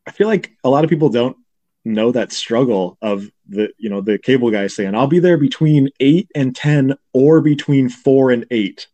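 Mellow-voiced man recapping a movie. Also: medium pitch, normal speed. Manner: recaps scenes with brief impressions of characters. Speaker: podcast co-host. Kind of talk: casual movie recap chat.

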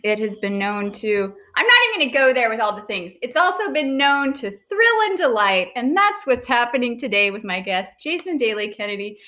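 A woman's voice: sits high, bright, forceful tone. A woman comedian hosts her podcast in easygoing chat. She sounds bubbly and playful, slipping little jokes into her talk.

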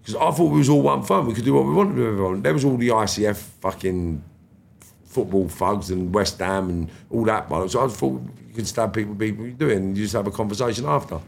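A middle-aged London man talks with a rough, gravelly edge to his voice. He tells his story in blunt street slang and swears freely. The tone is casual, like a podcast guest speaking off the cuff. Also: on the low side, quick pace, slight background noise.

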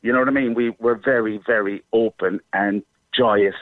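A man's voice: lowish voice, fairly even intonation, normal speed, dry recording. A middle-aged man with a Cork Irish accent, a guest actor talking on the phone in an interview, effusive and full of restarts. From Ireland. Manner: effusive, warm-hearted talk with repeated restarts. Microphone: phone line. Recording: tinny phone line.

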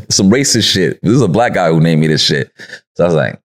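With a New York accent and a very deep, low voice, this man guests on a podcast and spins casual interview stories in loose street slang. He's laid-back, laughs often, and acts out other people's lines in their voices. His intonation is lively and his pace brisk.

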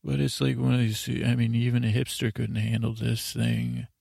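A man's voice: medium pitch, little pitch movement, moderate pace, vocal fry, a little mellow, slightly rough, no room sound, studio quality. A man hosting a bedtime podcast, recapping a show in a meandering, drowsy way with lots of filler words. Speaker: podcast host. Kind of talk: rambling bedtime episode recap.

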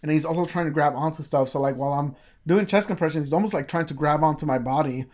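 A man's voice: fairly high pitch, quick pace. A man telling a story in casual chat, rambling with lots of fillers and swearing freely.

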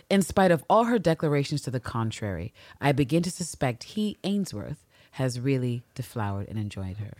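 A woman co-hosting a casual podcast, reading old diary entries aloud and reacting with animated, profane outbursts. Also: extremely low pitch, normal speed, no echo. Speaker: podcast co-host.

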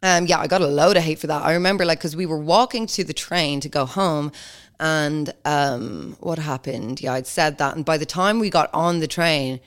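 A woman's voice: deep voice, moderate pace. A young Irish woman with a Dublin accent hosts a chatty podcast. She rambles through anecdotes and swears freely. Her tone is loose and conversational. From Ireland. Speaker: podcast host. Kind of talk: casual podcast chat.

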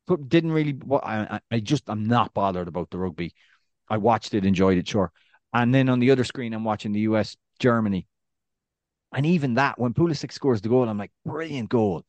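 An Irish man in his thirties, co-hosting a casual podcast chat, animated and rambling with restarts and acted-out anecdotes. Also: fairly low pitch, fairly quick, no room sound. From Ireland. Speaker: podcast co-host.

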